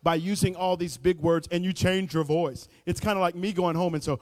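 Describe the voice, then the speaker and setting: A pastor preaching a sermon in a folksy, fervent way, building to loud emphasis. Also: male voice, sits high, steady tone, a little fast, hardly any pauses. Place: church sanctuary. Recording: echoey church hall.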